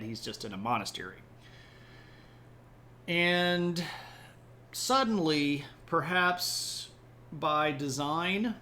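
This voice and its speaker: A man's voice: medium pitch, fairly bright tone, slight background noise. A man hosting a casual livestreamed history talk, explaining events in a joking, chatty way and often checking in with "right?". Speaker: history podcast host.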